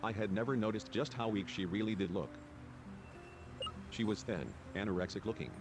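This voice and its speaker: A man with a lowish voice at a normal speed narrates a let's play, reading the game's story text aloud. He gives the characters' dialogue lightly shifted voices as game music plays in the background.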